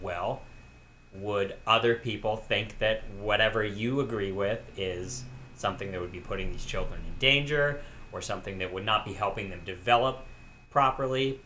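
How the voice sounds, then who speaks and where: Low, bright-voiced thoughtful man. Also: a little hiss or hum. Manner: thoughtful, musing on questions. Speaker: podcast co-host, film critic. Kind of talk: casual film review chat.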